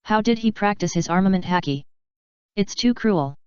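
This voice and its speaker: Woman reading a sly male pirate mate, smooth, muffled dry sound. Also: medium pitch, expressive, normal speed, darkish tone, dry recording, natural voice. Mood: grumbling. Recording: dull dry lo-fi audio.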